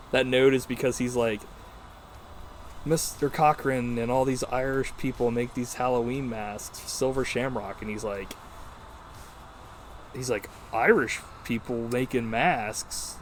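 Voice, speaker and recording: A young man co-hosting a casual podcast about movies, retelling scenes in a lively, profane way and acting out the lines. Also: medium pitch, measured pace, pauses often, slight background noise. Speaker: podcast co-host.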